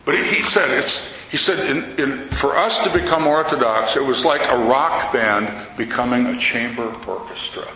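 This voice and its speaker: An older man, an Orthodox priest, giving a talk in sermon style and telling stories with lively quoted voices. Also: mid-range voice, normal speed, few pauses. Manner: storytelling, animated quoting of others. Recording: echoey hall, slightly dull sound, faint noise.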